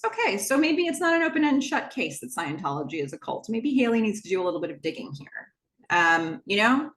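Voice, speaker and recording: A woman's voice: mid-range voice, sing-song, moderate pace, fairly bright tone, echoey room. A woman hosting a podcast, recapping a TV episode in a casual, chatty way with lots of fillers and asides. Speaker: podcast host.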